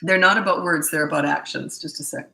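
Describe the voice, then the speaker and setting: A middle-aged woman gives parenting advice in a blunt, brisk, opinionated way. Her voice is gravelly, bright and fairly low, and it echoes in a roomy space. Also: steady tone. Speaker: parenting coach. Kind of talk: casual Q&A talk to camera.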